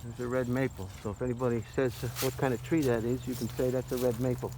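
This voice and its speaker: A man's voice: medium pitch, level tone, quick pace, background noise. An older retired man rambling and joking as he films a casual walking vlog outdoors. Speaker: vlogger. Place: outdoors in an arboretum.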